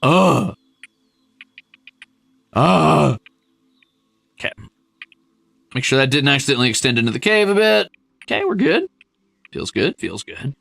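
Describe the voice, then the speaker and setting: A man streaming a zoo-building game, chatting casually with his viewers, animated and self-mocking, swearing freely. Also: mid-range voice, unhurried, gravelly, long pauses, no echo, clean studio sound, soft background music.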